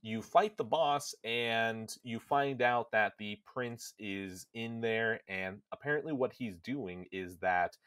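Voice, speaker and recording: Low-voiced man retelling a game plot. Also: clean tone, dry recording, clean studio sound. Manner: animated storytelling, slips quickly into character quotes. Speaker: podcast host. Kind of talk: casual spoilercast retelling of a game story.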